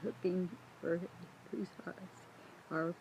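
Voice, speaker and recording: A woman's voice: on the low side, little pitch movement, takes it slowly, darkish tone, a little hiss or hum, low-quality recording. An older woman co-hosting a faith talk show, answering her daughter with short, affirming replies. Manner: brief affirming replies, laughs along. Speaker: ministry show co-host, speaker's mother.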